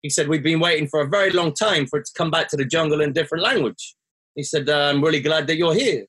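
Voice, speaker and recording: Man, slightly high voice, breathy husky tone, earnest reflective storytelling, podcast guest. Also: fast, a bit bright. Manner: earnest, rises sharply when quoting himself.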